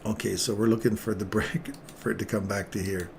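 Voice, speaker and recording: A middle-aged man giving excitable, self-mocking live commentary on his own trades as he makes them. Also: lowish voice, brisk, gravelly, a little hiss or hum.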